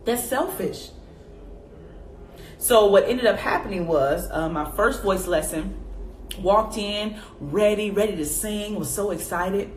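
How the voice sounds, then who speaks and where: A woman in her twenties telling a personal faith story straight to her viewers, calling them y'all and acting out her own past reactions in a high voice. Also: slow. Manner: addresses viewers directly as y'all. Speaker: faith vlogger. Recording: echoey room with faint background noise.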